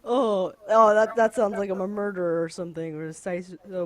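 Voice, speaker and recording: A woman's voice: mid-range voice, little pitch movement, a little fast. A woman hosting a casual chat with a friend, giggling constantly and teasing him in a bossy way, from her room at home. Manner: giggly, breaks into laughing fits, bossy teasing. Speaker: channel host. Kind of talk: casual chat over voice call.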